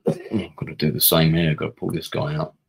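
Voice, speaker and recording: A deep, gravelly man in middle age, talking his way through a strategy game on a live stream. He mutters and thinks aloud to himself, his voice a touch husky. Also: flat delivery, fairly quick, low-quality recording. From England. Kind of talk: casual gaming commentary.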